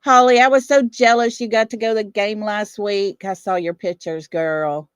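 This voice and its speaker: A woman's voice: mid-range voice, steady tone, normal speed, clean tone, no room sound, studio quality. A middle-aged woman with a Southern US accent hosting a casual livestream chat, blunt, defiant and fiery. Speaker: livestream host.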